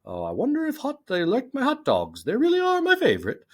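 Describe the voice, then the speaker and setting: A man voicing a prim, well-to-do British lady with a mock British accent in a high falsetto. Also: huge pitch swings, brisk, full character voice. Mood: chirpy.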